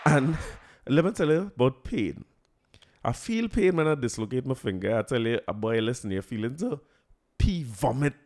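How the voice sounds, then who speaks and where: A man with a Trinidadian accent hosting a podcast, telling a story in a lively, laughing, colloquial way. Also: mid-range voice, moderate pace. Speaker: podcast host. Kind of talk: casual storytelling chat.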